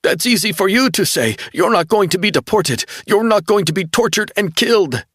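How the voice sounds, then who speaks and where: A man voicing a terrified, sobbing young man in an audiobook, pleading in high outbursts. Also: very animated, normal speed, fairly bright tone, breathy edge, no room sound, studio quality. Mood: panicked, distraught.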